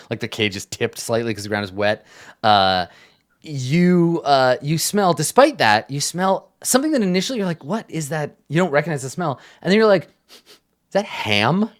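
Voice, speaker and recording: A man narrating as game master of a tabletop game, rambling with many restarts. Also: medium pitch.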